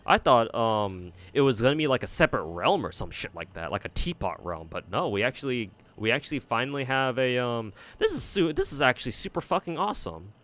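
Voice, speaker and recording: A man's voice: medium pitch, big pitch swings, brisk, few pauses, fairly bright tone. A man streaming a game, giving casual commentary and rambling with lots of swearing and restarts. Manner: rambling, profane, frequent fillers and restarts.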